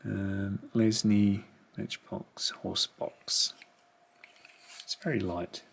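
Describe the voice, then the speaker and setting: Middle-aged man, low gravelly voice, slow and musing, home unboxing with crinkling packaging behind. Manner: quiet, musing, talks half to himself. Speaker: collector unboxing a haul. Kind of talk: casual unboxing commentary. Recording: rustling packaging noise behind.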